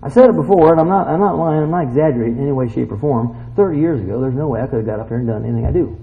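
A man preaching a sermon in a folksy, animated way, moving between loud exclamations and quiet asides, asking the crowd questions. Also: medium pitch, rapid-fire. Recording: dull lo-fi sound.

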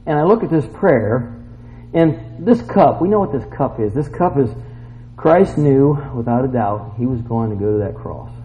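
A man preaching a sermon in a folksy, animated way, moving between loud exclamations and quiet asides, asking the crowd questions. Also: medium pitch, normal speed. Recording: dull lo-fi sound.

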